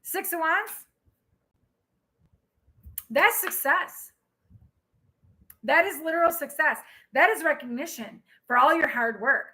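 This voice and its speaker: Woman tarot reader, high bright voice, excitable, talking straight to her viewers on a live stream. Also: slow pace, long pauses, low-quality recording. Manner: excitable, exclaiming and laughing.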